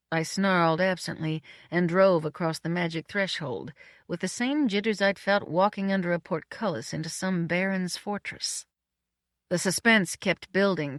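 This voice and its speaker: A woman narrating an audiobook in a measured, dryly witty way. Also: lowish voice, dry recording, studio quality. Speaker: audiobook reader. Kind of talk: scripted storybook narration.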